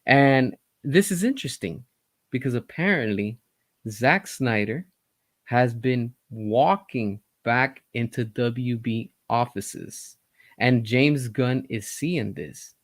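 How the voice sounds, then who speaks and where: A man delivers casual, opinionated commentary at a mid-range pitch, pressing his points and addressing his viewers directly. The recording is dry and close, with no room sound around him. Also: takes it slowly, no room sound. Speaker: entertainment news commentator.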